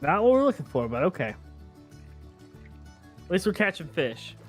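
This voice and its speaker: A man with a fairly high voice ribbing his friends with dry sarcasm as they play together. Quiet game music sits underneath. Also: big pitch swings, moderate pace. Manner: teasing, dryly sarcastic. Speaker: co-player in an online game. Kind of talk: casual gaming chat with friends.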